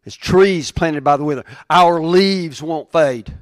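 A man preaching a sermon, moving from quiet reflective reading to raised, emphatic preaching. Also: fairly high pitch, takes it slowly, dry recording. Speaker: pastor.

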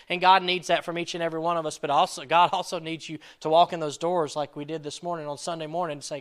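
The pastor talks fast with few pauses, his voice on the high side, level, and clean-toned. His sermon is casual and conversational, laced with fillers, as he reads scripture and acts out quoted speech from it.

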